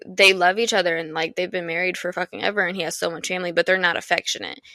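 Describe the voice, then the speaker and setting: Young woman podcast host, bright forceful voice, dry close mic, blunt and swearing a lot. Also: fairly low pitch, no echo. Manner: candid, profane, animated advice-giving. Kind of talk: casual solo podcast monologue.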